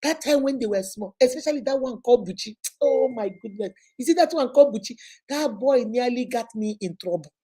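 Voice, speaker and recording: Hosting a casual live Q&A chat, a middle-aged woman with a Nigerian accent tells stories and laughs often. Her voice is husky, on the high side, and fairly quick, and she's lively, mixing in pidgin.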